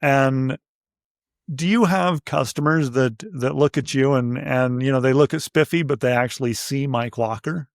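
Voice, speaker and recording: Male business owner, mid-pitched, reflective casual talker, dry sound. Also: vocal fry, dry recording. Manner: reflective, halting, frequent fillers. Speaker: business owner, podcast guest. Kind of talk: casual conversation.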